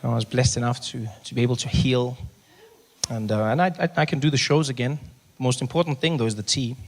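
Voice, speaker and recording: A man from South Africa performing stand-up comedy, telling stories with lively, animated delivery. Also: mid-range voice, quick pace. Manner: animated storytelling, acting out characters. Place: theater stage with live audience.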